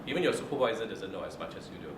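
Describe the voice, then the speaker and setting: Deep-voiced male lecturer in an echoey room. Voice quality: low, mid-range voice. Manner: calm, measured, checks in with "okay?". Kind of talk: lecture to students. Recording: roomy echo, far from mic, loud air-con hum.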